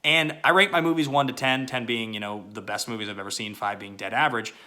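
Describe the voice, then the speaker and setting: Guy doing a chill movie review on his channel, bright voice, rambly with lots of ums. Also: medium pitch, fast talker. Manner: chatty, loose, lots of fillers and asides. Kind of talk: casual spoken movie review.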